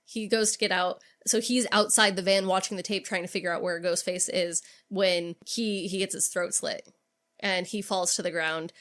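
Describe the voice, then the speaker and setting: A woman's voice: lowish voice, fairly even intonation, moderate pace, a bit bright. A woman co-hosting a podcast, casually retelling a horror movie scene by scene, with frequent swearing and acted-out quotes. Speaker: podcast co-host. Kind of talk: casual movie recap chat.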